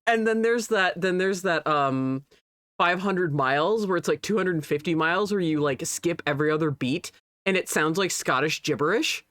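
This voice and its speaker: A man chatting casually on a game stream, rambling and excitable, often laughing. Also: on the high side, moderate pace, dry recording, studio quality.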